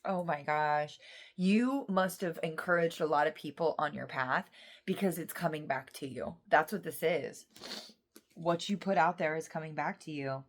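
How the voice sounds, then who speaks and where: A woman giving a casual tarot reading to her viewers, emotional and excitable, rambling with lots of restarts and half-finished thoughts. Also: deep voice, normal speed. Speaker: tarot reader.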